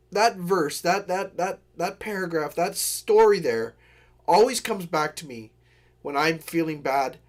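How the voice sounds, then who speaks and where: A man hosting a live stream, telling a story in a casual, earnest way with digressions and apologetic asides. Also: fairly high pitch. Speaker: livestream host.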